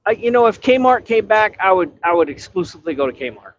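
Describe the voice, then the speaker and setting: A man's voice: high voice, big pitch swings, a little fast, highs cut off. A man driving a truck and chatting casually on a livestream, profane, laughing and telling stories. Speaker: truck driver.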